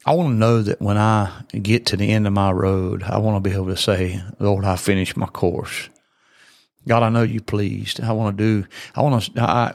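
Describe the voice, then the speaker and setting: A man's voice: lowish voice, creaky, dry recording, studio quality. A man, hosting a podcast and preaching in an earnest, folksy, repetitive way with many fillers. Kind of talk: sermon-style podcast talk.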